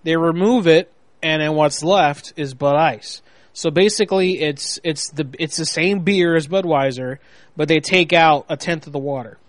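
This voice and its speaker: A man's voice: fairly high pitch, normal speed, no room sound. A man hosting a casual late-night show, rambling and telling stories in a laid-back way. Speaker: show host.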